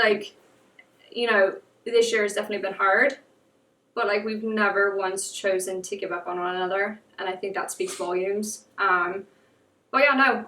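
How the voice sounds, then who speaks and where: Bright, chatty young woman in echoey room. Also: medium pitch, recorded from a distance. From United States. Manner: chatty, lots of "like" fillers. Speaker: podcast guest. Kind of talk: casual chat, storytelling.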